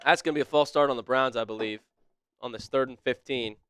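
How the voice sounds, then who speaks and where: A man co-hosting a casual sports live stream, excitable and quick to laugh, reading viewers' names aloud as he calls the plays. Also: medium pitch, clean tone, no room sound.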